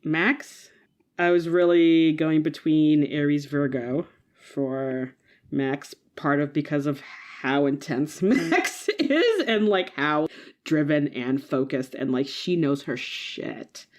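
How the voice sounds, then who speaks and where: A woman with a low voice chats casually as a podcast co-host. She talks in an animated, enthusiastic way, laughing often and leaning on filler words. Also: slow pace. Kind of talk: casual chat.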